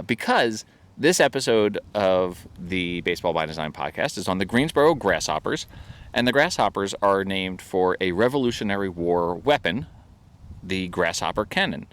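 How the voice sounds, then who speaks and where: Male podcast host, deep, relaxed, jokey banter recorded outdoors. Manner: joking, laughs easily, many restarts. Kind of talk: casual podcast chat. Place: outdoors at a historical park.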